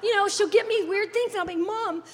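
High-voiced woman preaching in a reverberant church. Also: fast, soft background music. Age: 30s. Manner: animated, conversational preaching with playful asides to the congregation. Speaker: pastor. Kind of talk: sermon. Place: church sanctuary. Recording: long hall reverb in a church.

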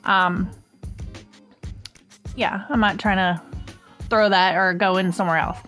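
A woman's voice: medium pitch, steady tone, unhurried, fairly bright tone, faint music behind. A woman hosting a podcast, telling a personal story in a casual, rambling way full of "um" and "like". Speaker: podcast host.

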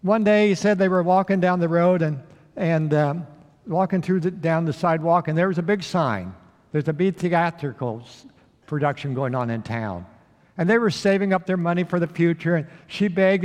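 A pastor preaches a sermon in a church sanctuary, his fairly high voice carrying through the large hall at a moderate pace. He tells a story, acting out the quotes, and puts questions to the congregation.

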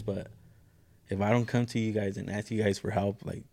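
Low gravelly dude, laid-back podcast talk, lots of slang. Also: male voice, little pitch movement, normal speed, dark tone. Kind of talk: casual podcast chat.

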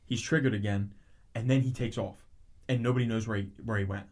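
A man's voice: on the low side, a little fast. A man in casual chat, animatedly retelling a show's plot with lots of restarts and tangents. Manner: rambling, animated storytelling with frequent restarts.

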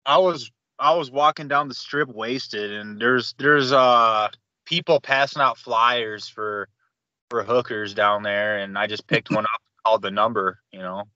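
Bright, laid-back man on dry lo-fi audio. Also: medium pitch, a little slow, no echo. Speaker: podcast guest. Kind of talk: casual chat.

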